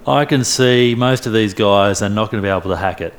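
A man's voice: on the low side, brisk, natural voice. A man voicing a boastful male disciple in a sermon retelling, cocky and then flustered in denial.

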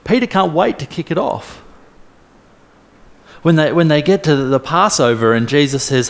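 A man preaching a sermon, retelling a story in a lively way with humorous asides. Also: fairly high pitch, normal speed, creaky, long pauses.

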